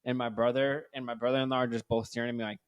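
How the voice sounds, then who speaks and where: A man's voice: mid-range voice, flat delivery, rapid-fire, no room sound, lo-fi sound. A man co-hosting a podcast, telling rambling, profane stories in casual chat. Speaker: podcast co-host.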